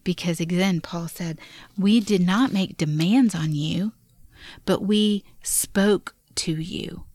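A middle-aged woman hosting a devotional parenting podcast, speaking in an earnest, gentle teaching tone. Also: lowish voice, no room sound. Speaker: podcast host.

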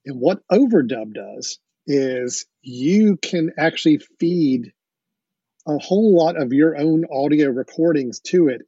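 A man's voice: a little high, warm tone, slightly rough, dry recording. A man hosting a podcast, explaining things with enthusiasm and the odd chuckle, on dull lo-fi audio. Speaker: podcast host. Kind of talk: casual podcast chat.

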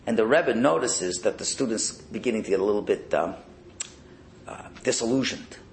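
A man teaching a Torah lesson as a sermon, telling stories in an animated way and acting out the voices in them. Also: on the low side, normal speed, slight background noise, low-quality recording. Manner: animated storyteller, acts out the voices in his tales. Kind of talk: storytelling sermon.

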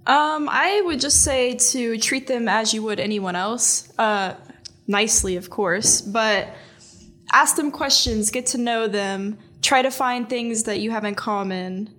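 A woman's voice: a little high, unhurried, fairly bright tone. A woman guest giving advice on friendship in a casual chat, thoughtful and a little hesitant, with ums.

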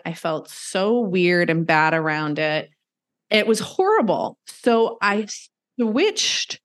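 A middle-aged woman with a sing-song voice on the low side takes her time telling a personal story about losing her pet. As a guest in candid conversation, she is earnest and emphatic and acts out people's quotes.

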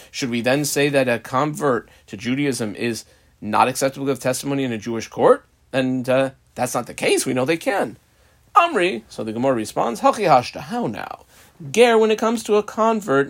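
A man teaching a Talmud page, reading the Aramaic phrase by phrase and explaining each in English, with frequent ums. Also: mid-range voice. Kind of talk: Talmud lesson reading and translating text.

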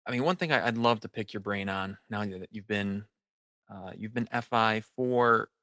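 A man's voice: lowish voice, moderate pace, pushed and bright, no room sound, studio quality. A man hosting a podcast, asking questions in a friendly, encouraging way and often restarting his sentences. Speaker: podcast host. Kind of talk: casual interview chat.

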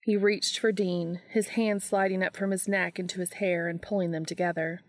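A woman narrating a fan fiction audiobook in a steady, measured way. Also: lowish voice, no echo.

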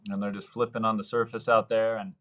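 A man's voice: on the low side, fast talker. A man in his thirties, a surf fishing guide, telling stories casually in a podcast interview and acting out the lines of the people in them. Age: 30s. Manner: lively storyteller, acts out quoted dialogue.

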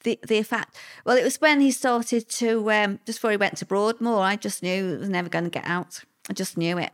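A woman speaks in an interview, recounting past events in a plain-spoken, vivid way. Her voice sits at an ordinary middle pitch for a woman. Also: a little fast. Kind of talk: personal recollection in an interview.

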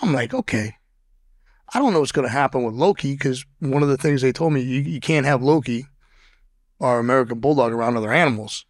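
A man's voice: mid-range voice, expressive, brisk, no echo, studio quality. Blunt, cursing man telling stories. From Boston. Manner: profane, blunt storyteller with frequent stammered restarts. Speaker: podcast guest. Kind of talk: casual interview storytelling.

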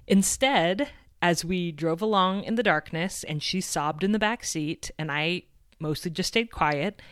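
A woman in her thirties with a low, smooth voice hosts a podcast, speaking in a candid and earnest personal storytelling monologue. Her tone stays openly reflective, and the sound is dry and close, with no room echo. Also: a bit bright. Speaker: podcast host.

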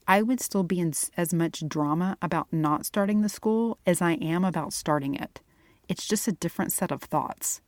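A middle-aged woman speaks in a fairly low voice, recorded dry and close. She hosts her own Christian fitness podcast, talking to listeners alone in an earnest, encouraging way and laughing easily. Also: a little mellow, no echo. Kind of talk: solo podcast monologue.

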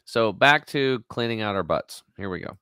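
A man in his late forties tells a story in an interview with plenty of energy, acting out the lines of the people in it. His voice sits low and sounds smooth and resonant. The recording is dry and close. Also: normal speed, dry recording. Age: 40s. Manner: energetic, acts out quotes. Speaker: guest.

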